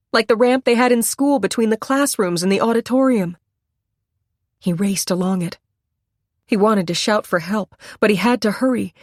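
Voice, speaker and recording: A woman narrating a suspense thriller in a tense, dramatic reading at a mid pitch. The sound is dry and close, with no room around it. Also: dry recording. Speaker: audiobook narrator.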